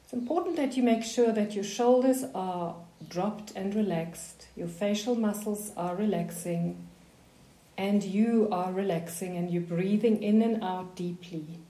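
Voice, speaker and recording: A woman leading a voice warm-up lesson, giving slow, calm, soothing breathing guidance. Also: mid-range voice, roomy sound. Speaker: voice coach. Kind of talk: guided voice warm-up instruction.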